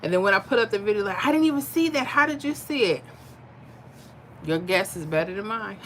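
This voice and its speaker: A woman's voice: medium pitch, sharp tone, a little hiss or hum. A woman hosting a casual livestream, chatting with viewers and answering their comments in a candid, tired way. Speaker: livestream host reading chat.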